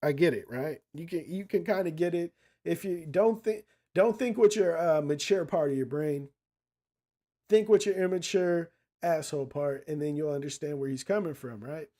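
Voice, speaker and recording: A man's voice: a little high, normal speed, dark tone. A man hosting a casual commentary show, talking bluntly with lots of swearing and street slang as he retells a story and gives advice. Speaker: podcast host.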